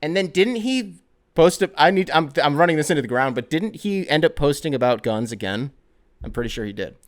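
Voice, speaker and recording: A man's voice: a little high, expressive, fairly quick. Rambling, jokey male podcast host. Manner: rambling, profane, jokey storytelling. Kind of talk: casual solo sports podcast chat.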